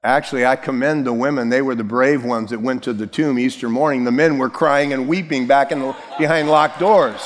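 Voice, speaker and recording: Speaking fairly quickly with hardly any pauses, a medium-pitched male pastor delivers a sermon in a large hall. He tells Bible stories with casual humor, voicing the characters in a lively way.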